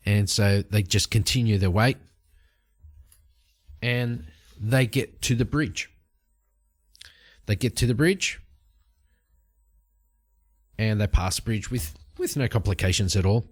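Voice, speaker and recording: A man's voice: on the low side, slow pace, pauses often. A man hosting a solo tabletop game, narrating the story and musing aloud as he checks tables and rolls dice. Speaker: host and solo game player.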